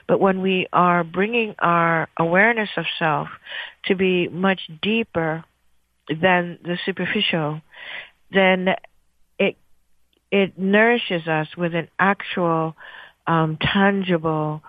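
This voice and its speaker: Low-voiced woman host, soothing meditation guide, unhurried; tinny phone-like audio. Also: no room sound. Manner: soft, measured, soothing guidance with pauses. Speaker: radio show host. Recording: dry, phone-like lo-fi sound.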